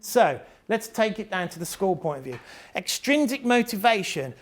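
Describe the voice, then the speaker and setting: A British-accented parent gives a live talk to an audience about autism and behaviour, speaking at a moderate pace with a medium-pitched voice and lively intonation. Chatty, jokey and blunt, the speaker laughs often, swears casually and acts out quotes.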